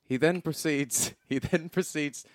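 A man co-hosting a casual film review podcast, talking in animated, sweary banter with frequent laughs. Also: fairly high pitch, measured pace, no room sound, clean studio sound. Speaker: podcast co-host.

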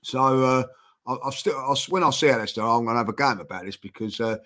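A middle-aged man talking as a guest in a relaxed interview. His voice sits at an ordinary pitch for a man. He rambles through the story, stumbling over his words and circling back to repeat himself. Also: fast.

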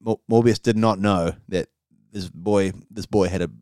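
A man's voice: fairly low pitch, steady tone, moderate pace, darkish tone, clean tone, no echo, studio quality. A man co-hosting a comedy podcast, retelling a movie in rambling casual chat full of fillers. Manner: rambling, lots of fillers and laughs. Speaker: podcast co-host.

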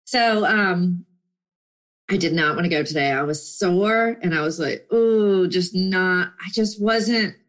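A middle-aged woman vlogger chats casually with her viewers, bubbly and animated, putting on playful voices whenever she quotes someone. Her pitch is fairly low and she takes her time.

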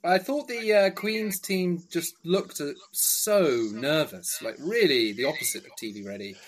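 An Englishman, co-hosting a podcast in casual chat, relaxed and wry. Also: on the high side, unhurried. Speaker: podcast co-host. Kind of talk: casual chat reviewing a quiz show.

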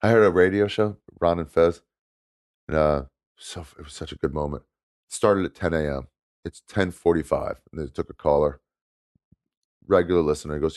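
Comedian dude, super deep voice, laid back, laughs a lot telling stories. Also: male voice, moderate pace, pauses often, darkish tone, dry recording, studio quality. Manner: laughs often, tells stories, does voices. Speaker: guest comedian. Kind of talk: casual chat.

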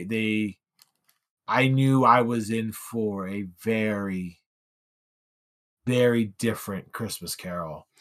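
A man co-hosting a podcast, chatting casually about an old film, often restarting sentences with sudden lifts in emphasis. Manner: animated, restarts a lot, pitch jumps for emphasis. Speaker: podcast co-host.

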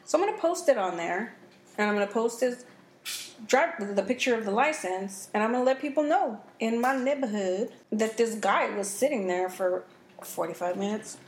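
A woman podcast host with a fairly high voice, chatting casually and telling stories with lots of swearing and animation. The room is echoey with a faint background hiss. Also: moderate pace. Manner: animated, profane storytelling. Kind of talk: casual chat.

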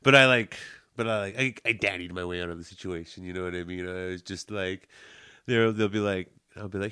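A man's voice: lowish voice, expressive, quick pace, sharp tone, clear, resonant tone. A young man, a podcast co-host, in loose, joking casual chat, often calling people "man" and "bro".

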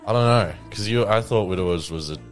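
A man's voice: lowish voice, fast, soft background music. A young Australian man co-hosting a podcast, playful and laughing often in casual chat. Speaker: podcast co-host.

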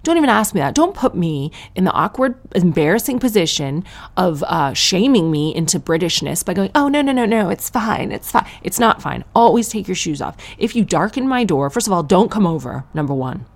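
A woman talks through her week as a podcast host, in a brash, ranting comic monologue. Her voice sits low with a gravelly fry, and her tired manner breaks into loud, animated outbursts. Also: a little fast. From Canada. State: tired new mother.

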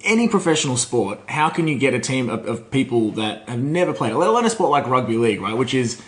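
A man with a mid-pitched voice, chatting on a podcast. He feels his way through his thoughts with restarts and little fillers. The room around him rings with echo. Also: very animated, fast. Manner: hesitant, many restarts and fillers. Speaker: podcast co-host. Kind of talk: casual book club chat. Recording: roomy echo.

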